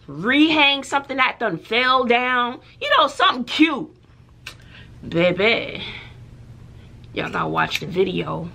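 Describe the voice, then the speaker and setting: Gravelly woman telling stories slowly. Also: a little high. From Texas. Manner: animated and dramatic, drops to hushed asides. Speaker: schoolteacher and mother. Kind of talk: casual chatty vlog storytelling.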